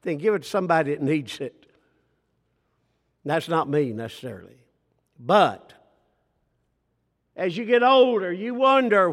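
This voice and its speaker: In a reverberant hall, an older pastor preaches slowly and emphatically, his voice a little high and animated. He sometimes drops to soft near-whispers and poses rhetorical questions to the congregation.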